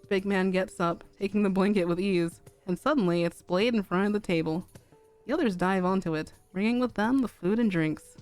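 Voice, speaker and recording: Young woman calmly reading a story aloud. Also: mid-range voice, normal speed, faint music behind. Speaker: streamer reading fanfiction.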